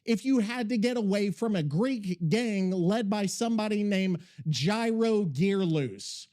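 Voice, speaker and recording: A man hosting a podcast in casual chat, rambling, excitable and swearing freely. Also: high voice, a little slow. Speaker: podcast host.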